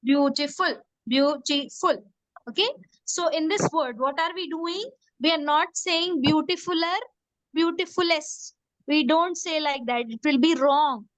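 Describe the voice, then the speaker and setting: A woman's voice: high voice, unhurried, no room sound, poor audio. A woman teaching a grammar class, repeating words patiently and asking students to repeat after her. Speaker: English teacher.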